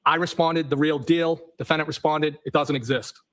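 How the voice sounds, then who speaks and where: A man on the witness stand, reading text messages aloud in a matter-of-fact way and saying the punctuation marks out loud. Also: a little high, steady tone, normal speed, poor audio. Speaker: trial witness.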